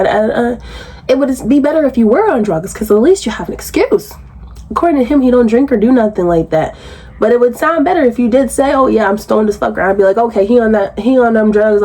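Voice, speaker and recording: A woman talks through a reality show recap. She is blunt and profane. Her pitch jumps high when she sounds incredulous. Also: a little mellow, husky. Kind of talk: casual recap commentary.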